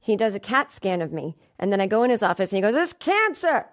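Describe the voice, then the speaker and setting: A woman in her thirties hosts a comedy podcast from a studio, chatting casually and telling animated stories in which she acts out other people's voices. She talks fast in a mid-range voice.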